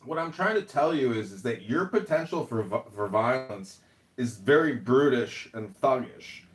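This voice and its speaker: A man's voice: medium pitch, animated, normal speed. A man in a casual chat who talks in a provocative, mock-formal way. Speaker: social audio guest. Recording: echoey, from a distance.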